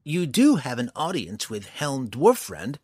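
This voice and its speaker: A man's voice: mid-range voice, huge pitch swings, unhurried, darkish tone, breathy edge, no echo, studio quality, voice pushed up, full character voice. A man voicing a fussy, proud male dwarf sage who speaks formally and huffs when flustered. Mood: excited. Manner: prim, formal and huffy.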